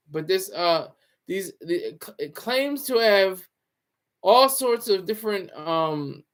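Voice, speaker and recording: Man, high voice, livestream host, casual joking commentary, talks to chat. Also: creaky.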